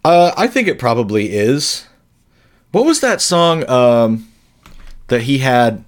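A man's voice: medium pitch, big pitch swings, slow pace. A man co-hosting a podcast in casual chat, rambling along with dry humor and frequent self-corrections. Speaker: podcast co-host.

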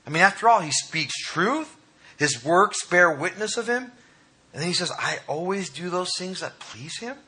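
A man preaching a sermon to a congregation, reading scripture and commenting with dramatic emphasis and pauses. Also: high-pitched, lively intonation, sharp tone, breathy edge. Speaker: pastor. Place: church hall.

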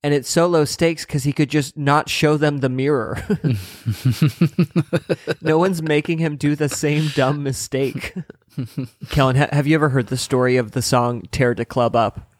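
A man's voice: fairly high pitch, fairly even intonation, a little slow, no echo. A man co-hosting a book podcast, making dry jokes in casual chat and laughing often. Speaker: podcast co-host.

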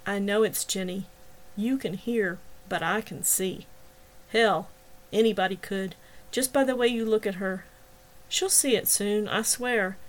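A man's voice: sits high, unhurried, rough recording. Woman doing Travis, a patient firefighter friend. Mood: gentle. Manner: patient, reassuring. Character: kind, steady young firefighter friend.

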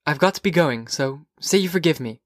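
A dreamy, teasing teenage girl, as a male narrator lifts his voice for her, asking question after question in quick, lilting bursts. The voice sits higher than the reader's own and sounds close and dry, with no room around it. She comes across as an odd, gentle character from a storybook. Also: lively intonation, no room sound, close to an everyday voice. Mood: wondering. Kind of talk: audiobook character voice.

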